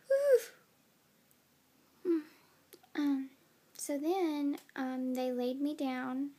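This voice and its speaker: A woman's voice: sits high, mellow, slightly rough. A tired young woman and new mother recording a casual phone vlog, chatty with many fillers and yawning. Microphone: phone camera.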